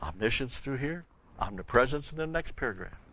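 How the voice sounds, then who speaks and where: A man's voice: mid-range voice, lively intonation, a little fast, fairly bright tone, breathy edge, muffled recording. A man giving an expository sermon, explaining Bible verses step by step and rising in emphasis on key words. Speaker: Bible teacher.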